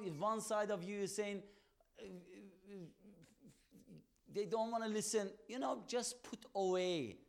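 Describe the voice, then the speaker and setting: A man with a fairly high voice preaching in earnest. He tells his story with conviction and acts out the conversations in it. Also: normal speed. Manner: earnest storytelling in non-native English, acts out dialogue. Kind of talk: testimony sermon.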